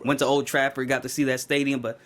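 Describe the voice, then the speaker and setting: This is a young podcast co-host with a medium-pitched voice and a quick pace. In casual conversation, he launches into lengthy, lively stories, laughing frequently and playing the parts of those he quotes.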